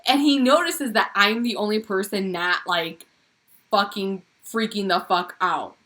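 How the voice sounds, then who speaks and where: A woman's voice: mid-range voice, measured pace. A woman co-hosting a pop culture podcast, telling a story in casual chat with lots of swearing and acted-out dialogue. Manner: animated, swearing, acts out dream dialogue. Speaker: podcast co-host.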